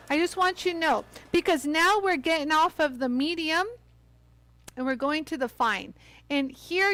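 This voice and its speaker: A woman hosting a live craft demonstration, chatty and excitable, talking straight to her viewers as she works. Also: high-pitched, dry recording, rough recording. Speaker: host of a live lapidary demo.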